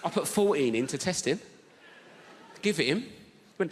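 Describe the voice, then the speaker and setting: Male stand-up comic, excitable, bouncy pitch, loud audience noise. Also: normal speed, pauses often. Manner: excitable, self-correcting, laughing at his own slips. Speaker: stand-up comedian. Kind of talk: live stand-up routine. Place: large theatre stage. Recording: live stage, loud audience.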